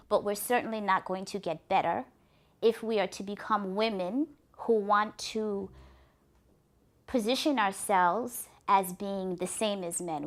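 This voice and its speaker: Brief: woman storyteller, earnest, lively telling, middle-pitched voice. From Africa. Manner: earnest, lively narration with restarts. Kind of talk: oral folktale telling.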